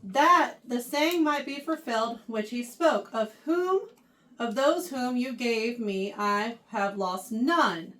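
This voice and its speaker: A woman's voice: fairly high pitch, lively intonation, slow pace, a bit bright. A woman leading a casual Bible study for teenagers, reading scripture aloud, then retelling it in everyday words and checking in with questions. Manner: chatty, keeps checking in with questions. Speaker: youth Bible study teacher. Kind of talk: casual Bible lesson to teens. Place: church. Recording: voice picked up from a distance.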